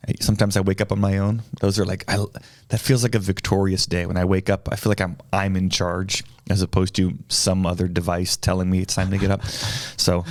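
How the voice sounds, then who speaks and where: A man's voice: low voice, little pitch movement, a little fast, no echo. A man who is a pastor, co-hosting a podcast in casual, teasing chat. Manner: playful, teasing, chatty.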